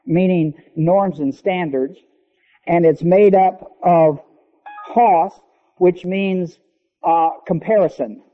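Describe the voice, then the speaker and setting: A man preaching a sermon, teaching emphatically and slowing down to stress key words. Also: a little high. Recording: long hall reverb, dull lo-fi sound.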